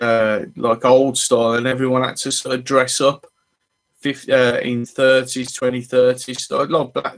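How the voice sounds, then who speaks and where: Chatty man on a live stream. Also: mid-range voice. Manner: rambling and chatty, greeting viewers as they arrive. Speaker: fishing channel host. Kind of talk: casual live stream chat.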